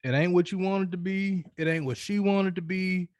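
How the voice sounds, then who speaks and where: A man's voice: sits high, fairly even intonation, normal speed, darkish tone, no echo, clean studio sound. A man co-hosting a casual chat, telling stories and giving loose, profane advice with lots of restarts. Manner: loose, profane, preachy storytelling with repeated restarts. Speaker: podcast co-host.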